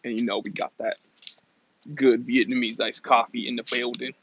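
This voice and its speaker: A man's voice: medium pitch, flat delivery, normal speed, dull audio, a little hiss or hum. A man hosting a casual livestream outdoors, chatting and greeting viewers as he reads their comments aloud. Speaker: livestream host. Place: outdoors in the shade.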